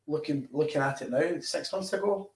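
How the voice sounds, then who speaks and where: A man's voice: on the high side, moderate pace, darkish tone. A man with a Scottish accent chatting about football on a podcast, often repeating words as he talks. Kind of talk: casual football chat. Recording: roomy echo.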